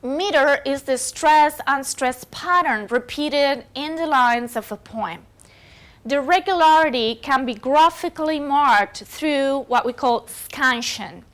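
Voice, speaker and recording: A woman's voice: sits high, slow pace, a bit bright. A woman whose first language is Spanish, giving a recorded university lecture with many fillers and self-corrections.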